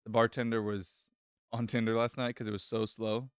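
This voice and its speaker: Male co-host, smooth clear voice, teasing banter. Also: medium pitch, level tone, no echo, studio quality. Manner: teasing, quick jokes. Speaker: podcast co-host. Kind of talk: casual chat.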